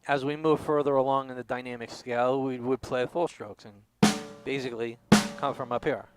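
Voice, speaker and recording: A man giving a drum lesson, explaining stroke types and counting beats out loud. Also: medium pitch, fairly even intonation, fairly quick, loud music behind the voice, low-quality recording. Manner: explanatory, counts aloud with accents. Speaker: drum instructor. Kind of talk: demonstration lesson.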